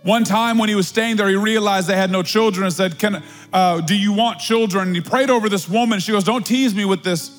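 A high-pitched male pastor preaching to his congregation, stretching out key words and repeating phrases for emphasis. The sound carries a long church-hall reverb, with faint music underneath. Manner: preaching with drawn-out emphatic repetition. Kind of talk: sermon.

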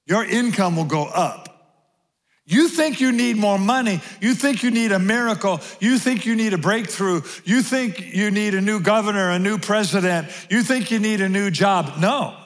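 A man preaching a sermon to a gathered congregation. He repeats key phrases slowly for emphasis. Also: high voice, expressive, long reverb tail. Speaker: pastor. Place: large room with audience.

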